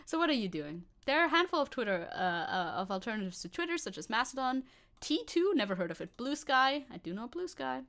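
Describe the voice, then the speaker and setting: A woman's voice: medium pitch, sing-song, fast, hardly any pauses, fairly bright tone. A young woman streaming casually, reading news aloud and reacting with chatty, giggly asides.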